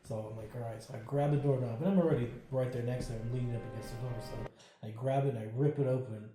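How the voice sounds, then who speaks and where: A man's voice: medium pitch, fast talker, music in the background. A man telling a ghost story as an interview guest, acting out the dialogue and swearing freely. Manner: animated, acts out quoted dialogue, swears freely. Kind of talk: casual storytelling. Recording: very echoey room.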